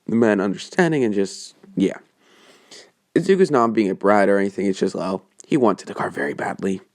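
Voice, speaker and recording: A man's voice: on the low side, a little fast, darkish tone, no echo, clean studio sound. A man casually making up a fan story as he goes, rambling and hesitant, full of fillers and self-corrections.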